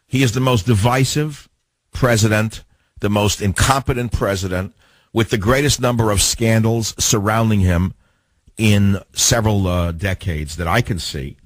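A man's voice: lowish voice, moderate pace, no room sound. An older man hosting a talk radio show, delivering an opinionated, combative monologue with rhetorical questions. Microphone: studio mic.

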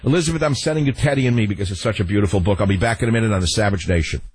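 A man's voice: fairly low pitch, rapid-fire, darkish tone, husky, dry recording. An older man hosting a call-in radio talk show, blunt and sardonic, laughing often.

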